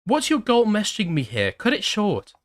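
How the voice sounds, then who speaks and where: Man voicing a bitter young woman ex, pitched up, sharp and accusing. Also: huge pitch swings, moderate pace.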